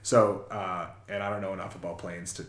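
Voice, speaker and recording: A man's voice: low voice, level tone, brisk, roomy sound, crowd noise. A man casually retelling a film's plot in a rambling, self-correcting way on a chat show. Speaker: podcast co-host. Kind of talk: casual movie recap chat.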